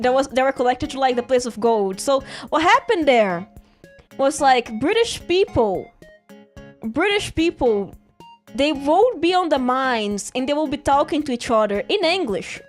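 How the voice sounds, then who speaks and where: A woman's voice: sits high, lively intonation, normal speed, faint music behind. A woman streaming, chatting and rambling through a story in English, laughing often. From Brazil. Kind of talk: casual rambling stream chat.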